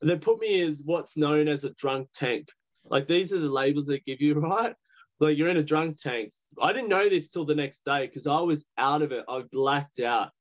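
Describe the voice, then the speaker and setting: A young Australian man, guesting on a podcast, tells his story openly and in a rambling fashion, using "like" over and over. His voice is fairly high and he talks at a normal speed. The sound is lo-fi.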